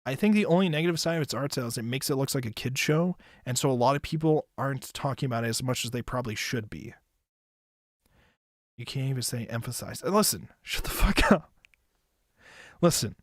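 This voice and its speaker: Speaking quickly in a mid-range voice, this young US anime reviewer and streamer rambles through loose, chatty commentary packed with filler words and curses. The studio-quality audio has no echo.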